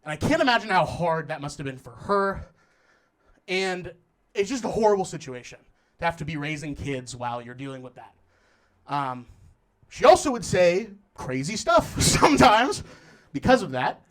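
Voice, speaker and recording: His fairly high, sing-song voice is a bit bright and comes at a moderate pace. He's a young man doing stand-up at a comedy club before a live audience, acting out voices and laughing through his lines.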